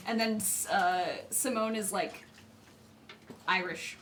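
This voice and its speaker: A woman's voice: medium pitch, fairly even intonation, slow, far from the mic, background noise. A woman player chatting animatedly and laughing during a tabletop game. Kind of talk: casual tabletop game chat.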